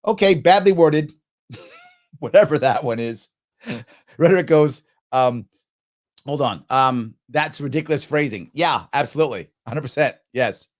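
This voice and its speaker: A middle-aged man hosting a live stream, thinking out loud as he answers quiz questions, often stopping to rephrase himself with a laugh. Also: mid-range voice, animated, unhurried. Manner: musing aloud, frequent self-interruptions and laughs. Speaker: show host.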